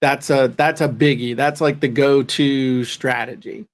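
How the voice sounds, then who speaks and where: A man's voice: medium pitch, fairly even intonation, unhurried. A man co-hosting a podcast, talking in a chatty, joking, self-deprecating way. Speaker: podcast co-host. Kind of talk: casual chat.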